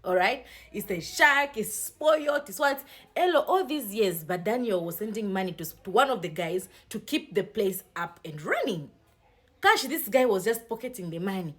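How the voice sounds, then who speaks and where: A woman's voice: mid-range voice, big pitch swings, normal speed, a bit bright, slightly rough, soft background music. A woman giving a casual book review, retelling the story in a chatty, dramatic way with mixed-language asides.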